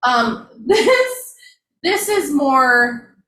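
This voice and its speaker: High, excitable woman gushing about a book. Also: very slow, reverberant. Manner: excitable, gushing, laughs a lot. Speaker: book review co-host. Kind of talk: casual chat.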